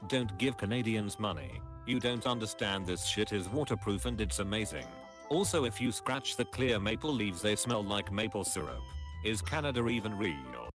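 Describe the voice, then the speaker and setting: Low-voiced man reading memes over music. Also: normal speed. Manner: reads captions aloud, drops into deadpan low voices for punchlines. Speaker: streamer reading memes aloud. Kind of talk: casual meme reaction stream. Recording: music playing behind.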